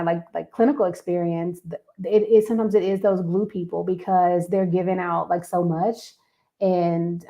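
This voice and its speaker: Woman host, gravelly, mellow low voice, thoughtful, hesitant. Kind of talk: hosting a discussion.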